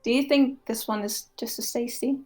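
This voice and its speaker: A man doing an eager young woman adventurer, high-pitched. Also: fairly even intonation, normal speed, a little mellow, faint music behind. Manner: eager and pleading. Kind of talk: tabletop role-play voice acting.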